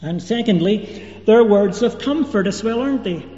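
A man delivers an evening sermon, working through his points in a measured teaching style. His voice sits high and mellow. The sound is dull and carries a long echo, as in a church hall. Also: expressive. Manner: measured expository preaching with fillers. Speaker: preacher.

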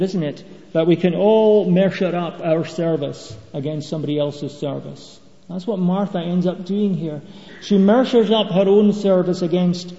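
A man's voice: high voice, mellow. A middle-aged man preaching a sermon in a conversational way, asking the congregation rhetorical questions. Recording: dull echoey hall recording.

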